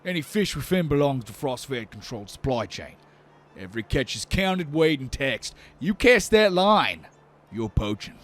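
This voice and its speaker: A man's voice: mid-range voice, very animated, normal speed, voice pushed up, lightly acted. A man voicing a huge, stern male minotaur city guard who barks curt, disapproving orders in a tabletop game.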